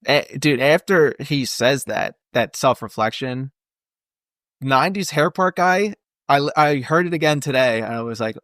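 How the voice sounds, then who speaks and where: A man co-hosting a podcast, chatting casually about a film in a relaxed way and calling his friend dude. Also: medium pitch, moderate pace, no echo, clean studio sound. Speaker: podcast co-host.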